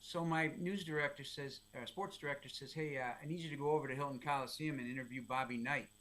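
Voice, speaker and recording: Bright-voiced male announcer guest. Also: mid-range voice. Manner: lively storyteller, quick asides. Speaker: football play-by-play announcer, guest. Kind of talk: casual interview chat.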